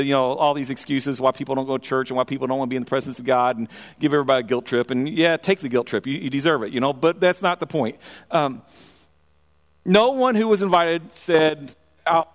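A man preaching a sermon in a church, often repeating words and restarting, moving between quiet and emphatic passages. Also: medium pitch, brisk. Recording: long reverb of a hall.

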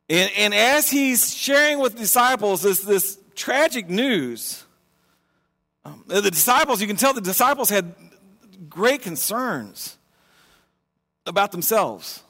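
Man preaching in a casual, animated way, fairly high voice, long hall reverb. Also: slow pace, pauses often. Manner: conversational and animated, many restarts. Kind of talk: sermon.

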